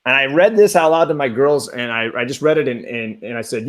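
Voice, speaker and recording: A man's voice: medium pitch, fairly quick, hardly any pauses. Eager, rambling man host. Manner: enthusiastic, rambling, frequent restarts. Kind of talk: casual chat.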